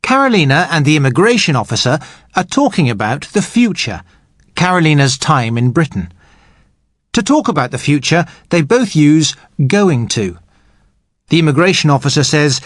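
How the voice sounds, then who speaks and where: A man speaking as an English teacher, explaining grammar patiently and clearly for learners. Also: a little high, sing-song, moderate pace, dry recording, clean studio sound.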